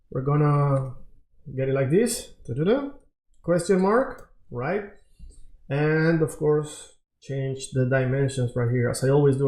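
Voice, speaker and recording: A man teaching an online Spanish lesson, who explains slowly and keeps checking in with the viewer. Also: fairly high pitch, darkish tone, roomy sound.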